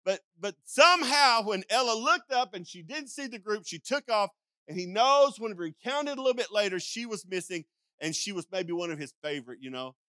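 An older male pastor tells a sermon like a folksy story, rambling through asides and acting out calls. His voice sits high and bright. The sound is close and dry. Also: lively intonation, brisk, no room sound. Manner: rambling with frequent restarts and asides.

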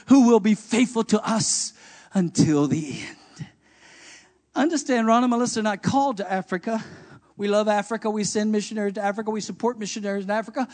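A male pastor with a strikingly high voice preaches a fiery sermon in a church service. He swings from hushed asides to shouted peaks and answers objections he imagines from the crowd. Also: fairly quick.

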